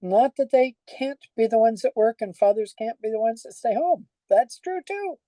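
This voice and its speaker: A woman's voice: on the high side, moderate pace, mellow, no room sound, rough recording. An older woman pastor giving a conversational sermon, telling stories and asking the congregation questions.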